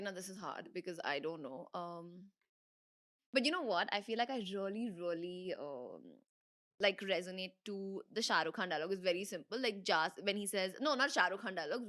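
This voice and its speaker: A young woman with an Indian English accent, a guest in a casual interview, chatty and animated with a slightly hoarse throat, laughing and restarting her sentences. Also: on the low side, fairly quick. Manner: giggly, animated, full of fillers and restarts. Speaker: interview guest, dancer and creator. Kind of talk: casual rapid-fire interview chat.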